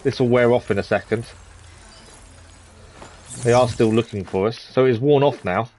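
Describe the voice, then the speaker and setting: A man's voice: mid-range voice, moderate pace, a little mellow. A man from the East of England chatting casually as he plays a game on stream, thinking aloud with plenty of ums. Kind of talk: casual gameplay commentary.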